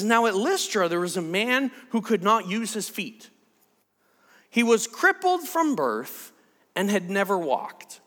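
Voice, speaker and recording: Man preaching, high voice, lively swooping delivery, casual and animated. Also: long reverb tail. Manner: casual, animated, acts out quotes. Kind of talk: sermon.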